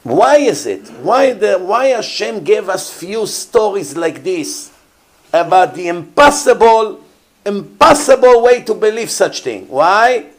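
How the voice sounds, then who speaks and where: A man's voice: high voice, very animated, slow pace. A man teaching as a rabbi in an earnest, emphatic sermon, often repeating rhetorical questions.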